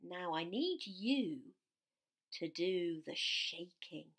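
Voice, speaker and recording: A woman's voice: on the low side, lively intonation, slow pace, a bit bright. A woman teacher reading a children's story aloud and leading the children in sound effects. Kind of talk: children's musical story time.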